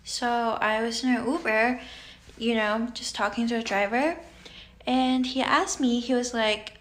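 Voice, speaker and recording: Woman from Beijing, storyteller, unhurried and wry. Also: on the high side. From Beijing, China. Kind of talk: casual storytelling.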